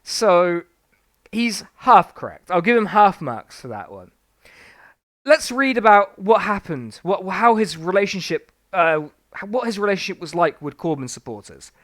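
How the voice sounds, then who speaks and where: A man's voice: sits high, expressive, unhurried, fairly bright tone. A man reviewing a book live on stream, reading passages aloud and answering them with sweary, sarcastic rants.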